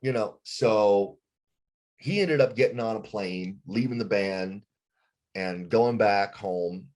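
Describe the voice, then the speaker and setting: Low-voiced, foul-mouthed storytelling man. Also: slow. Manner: profane, animated storytelling, acts out quotes. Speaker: band frontman guest. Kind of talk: casual podcast storytelling.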